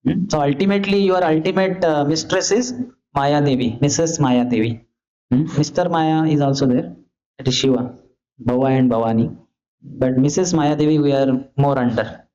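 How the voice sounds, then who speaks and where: A preacher with a fairly high voice gives an animated scripture class, firing off rhetorical questions and acting out shouts and pleas. The lecture recording is dull and lo-fi.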